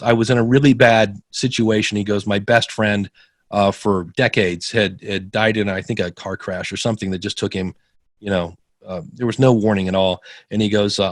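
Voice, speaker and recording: A man's voice: on the low side, no room sound, studio quality. A middle-aged man guesting on a podcast, telling stories casually and acting out the people he quotes with big jumps in his voice. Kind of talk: casual interview storytelling.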